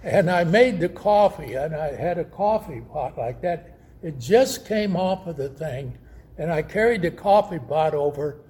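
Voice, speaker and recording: Slow, soft-toned male preacher. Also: fairly high pitch. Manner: slow, storytelling with quoted voices. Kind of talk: sermon.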